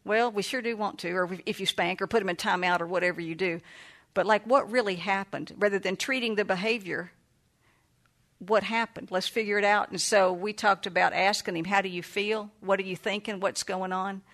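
A woman's voice: medium pitch, fairly even intonation, brisk. An older woman, a grandmother and counselor, telling a family story in a chatty way, laughing often and acting out what people said. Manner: warm, chatty, laughs often and acts out quoted voices. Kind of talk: casual storytelling talk.

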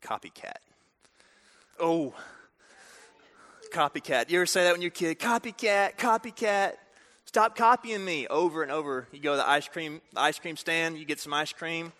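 A man preaching a storytelling sermon, talking directly to the audience in an animated way. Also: on the high side, fairly quick. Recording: reverberant hall.

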